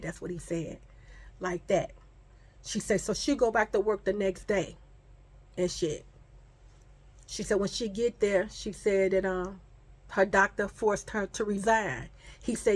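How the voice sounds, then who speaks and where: A pregnant woman telling a storytime vlog in a casual, profane way, acting out the people she quotes, and she says she feels sick and foggy. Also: mid-range voice. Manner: animated, profane, acts out the people in her story.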